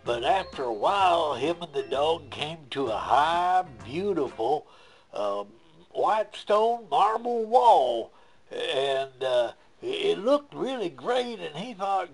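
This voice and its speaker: A man spins a folksy tale, chuckling as he goes. His voice is gravelly and fairly high, and his pitch rises and falls freely. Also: sing-song, takes it slowly, soft background music. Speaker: storyteller. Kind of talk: folksy spoken storytelling.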